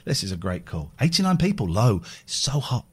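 Male podcast host, mid-pitched, very animated, rambling and repetitive. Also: moderate pace, husky. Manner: animated, repeats himself, stammering restarts. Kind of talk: casual chat.

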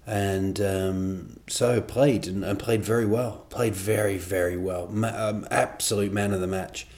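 Man, lowish voice, comedian, solo podcast chat, rambling, self-mocking, digressive. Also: fairly even intonation, a little slow, darkish tone. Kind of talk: casual solo podcast monologue.

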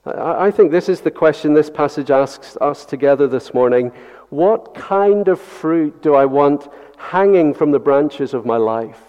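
A man's voice: on the high side, lively intonation, a little slow, darkish tone. A man preaching a Sunday sermon, earnest and repetitive, with rhetorical questions to the congregation. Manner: earnest, repeats key phrases, rhetorical questions. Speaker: pastor. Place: church. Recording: dull sound with long hall reverb.

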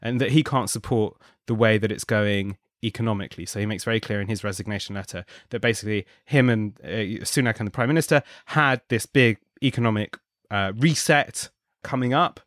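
A man's voice: on the low side, brisk, hardly any pauses, fairly bright tone, no echo, clean studio sound. A man as a podcast guest, giving wry political analysis in a thoughtful way, with frequent ums and restarts. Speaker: guest, contributing editor.

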